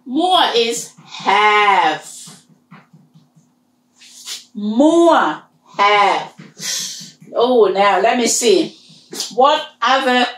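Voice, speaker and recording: A woman leads a language lesson, drawing out each sound and saying words again and again for her students. Her voice sits a little high and her delivery is very slow. The recording has a roomy echo. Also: fairly bright tone, far from the mic. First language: Hmong. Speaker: language teacher.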